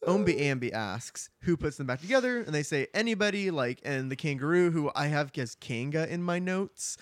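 A man's voice: on the high side, animated, moderate pace, no room sound, clean studio sound. A man co-hosting a podcast, retelling a book in casual chat with plenty of "like" fillers. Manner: chatty, heavy use of filler "like". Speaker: podcast co-host.

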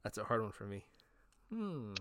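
A man co-hosting a casual podcast, chatting in a relaxed, agreeable way and often saying "alrighty.". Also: fairly low pitch, normal speed, a little hiss or hum. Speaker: podcast co-host. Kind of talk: casual chat.

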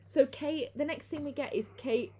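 A woman's voice: high voice, moderate pace, warm tone. A young woman hosting a podcast, recapping a film in a chatty way and laughing easily. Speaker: podcast host. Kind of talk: casual film recap chat.

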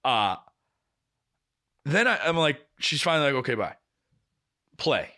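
Bright-voiced young man telling a story. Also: mid-range voice, unhurried. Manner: swears often, animated storytelling. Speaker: podcast co-host. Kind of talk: casual chat.

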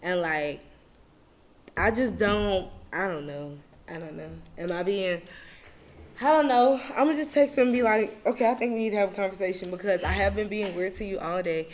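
A young woman hosting a podcast, venting in casual chat, animated and profane, swinging from loud outbursts to low muttering. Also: moderate pace. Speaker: podcast host.

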